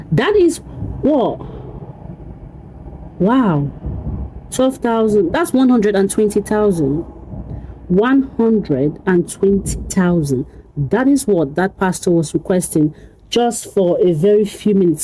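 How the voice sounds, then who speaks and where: Excitable woman vlogger, warm mellow voice. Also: mid-range voice, a little hiss or hum, rough recording. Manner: animated, repetitive, exclamatory, laughs often. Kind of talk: casual commentary to camera.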